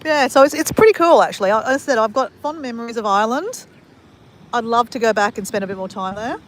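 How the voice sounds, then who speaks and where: A woman's voice: fairly high pitch, animated, fast. A woman in her forties from Australia, chatting casually to camera in a rambling, laughing way. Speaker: vlogger.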